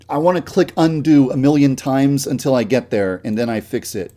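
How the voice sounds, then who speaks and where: A man's voice: medium pitch, normal speed, few pauses, dark tone. A man streaming his game development work, ranting, swearing a lot and mocking himself as he works. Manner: swears often, rants and grumbles to himself; self-mocking, laughs at his own jokes. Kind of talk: live-stream work commentary.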